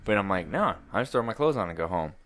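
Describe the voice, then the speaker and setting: A man's voice: big pitch swings, fast talker, fairly bright tone. A man co-hosting a podcast, rowdy and profane, laughing often. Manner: rowdy, laughing, swinging pitch. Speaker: podcast co-host. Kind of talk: casual chat.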